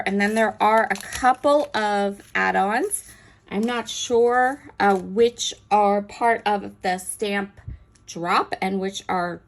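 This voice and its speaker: A chatty, enthusiastic woman walks through a new craft haul in a casual, unhurried show-and-tell. She pauses to look things over and keeps her tone friendly and easygoing, at an ordinary middle pitch. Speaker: crafting channel host.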